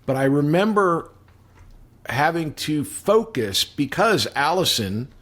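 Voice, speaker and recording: A man guest on a podcast, chatting casually and telling stories with animated reflection. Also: on the high side, slow pace. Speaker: guest actor. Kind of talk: casual chat.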